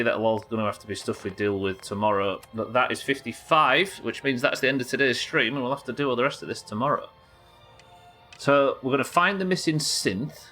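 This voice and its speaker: A man chats loosely through a live game stream, laughing often. His voice sits low, with quiet music in the background. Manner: casual, chatty, laughs often. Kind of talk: live gameplay commentary.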